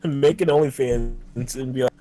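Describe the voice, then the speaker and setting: A man's voice: mid-range voice, moderate pace. A young man on a casual podcast, joking around and laughing at his own ideas. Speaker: podcast co-host. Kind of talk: casual chat among friends.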